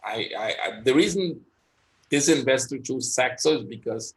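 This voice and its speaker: A man's voice: mid-range voice, lively intonation, moderate pace. A man giving live trading session commentary as an instructor, thinking aloud and often tagging his points with "right?".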